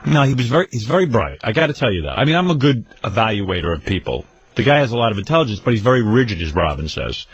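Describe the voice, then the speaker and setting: A man's voice: fairly low pitch, very animated, fast, few pauses, husky, muffled recording. A man hosting a radio show, telling rambling self-mocking stories with lots of restarts. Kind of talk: casual radio talk.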